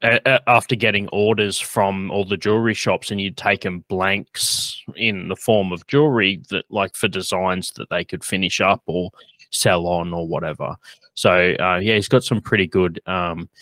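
A man's voice: sits low, fairly even intonation, normal speed, fairly bright tone, no room sound. A man hosting a podcast in casual chat, rambling with lots of fillers and frequent laughs. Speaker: podcast host.

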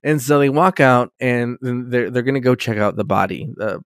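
A man's voice: mid-range voice, normal speed, no echo, studio quality. A man chatting casually as a podcast co-host, swearing a lot and acting out the characters' lines as he recaps a TV episode. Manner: profane, animated, acts out quotes.

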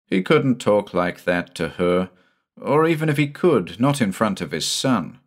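Male audiobook narrator, deep and measured, somber. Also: very animated.

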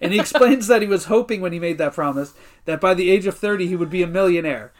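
Brief: male podcast co-host retelling episodes in a lively, casual way. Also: high voice, fast talker. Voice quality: lively storyteller, acts out quotes, swears casually. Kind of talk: casual recap chat.

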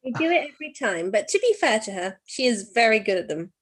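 A woman's voice: fairly high pitch, big pitch swings, fast talker, background noise. A woman co-hosting a podcast, chatting playfully and laughing often. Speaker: podcast co-host. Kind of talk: casual chat.

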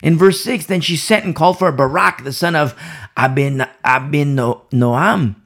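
A man's voice: a little high, measured pace, fairly bright tone. A man preaching a Bible sermon, emphatic and repeating key phrases for emphasis.

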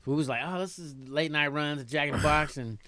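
High, bright-voiced podcast co-host man. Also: brisk, no echo. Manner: laid-back storytelling, slangy, swears. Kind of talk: casual chat.

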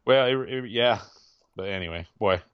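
A man's voice: on the low side, moderate pace, smooth, dry recording, narrow, tinny audio. A man in his forties co-hosting a podcast, rambling and chatty, often trailing off and restarting. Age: 40s. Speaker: podcast co-host. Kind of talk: casual chat.

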